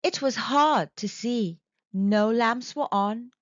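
Kids' storybook reader, woman, slow and expressive; dull lo-fi, dry sound. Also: a little high, no room sound. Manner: slow, expressive, sing-song reading for kids. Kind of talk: storybook read-aloud.

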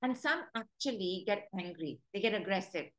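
Her voice is medium-pitched and expressive, at a normal speed, as this woman dog trainer gives a storytelling webinar talk. She acts out dogs' thoughts in quoted voices, and the recording sounds rough.

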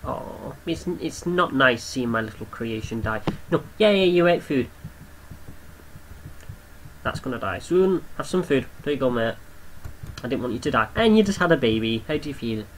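A young man giving casual game commentary, excitable, swearing often and talking to the creatures on screen. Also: medium pitch, normal speed, slight background noise, low-quality recording. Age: young adult. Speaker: gamer commentator.

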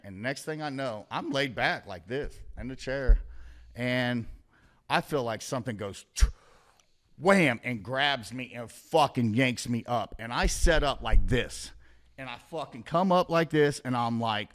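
A man's voice: medium pitch, fairly bright tone. A man, a podcast guest, telling a story in a casual, rambling way with constant swearing and a vivid play-by-play.

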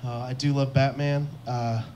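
A man's voice: medium pitch, flat delivery, moderate pace, a little mellow, slight background noise. A young man doing a stand-up comedy set on a club stage, telling self-mocking stories and acting out the lines of the people in them. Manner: self-deprecating storytelling, acts out quotes.

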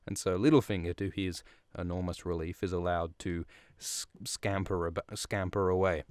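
A man's voice: deep voice, fairly even intonation, normal speed, a little mellow, clean tone, no echo, clean studio sound. A man hosting a podcast, recapping a book in a rambling, profane, casual way with chuckling asides. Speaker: podcast host.

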